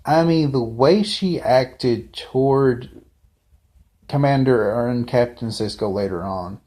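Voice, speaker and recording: A man's voice: mid-range voice, slow pace, dark tone. A man giving a casual, unscripted fan review, rambling off the cuff with frequent asides and restarts.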